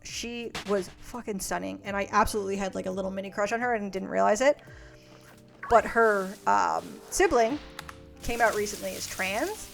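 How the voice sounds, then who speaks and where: A woman's voice: mid-range voice, normal speed, gravelly. A young woman streaming, casually reading her old letters aloud and mocking her past self, swearing freely. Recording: faint music behind.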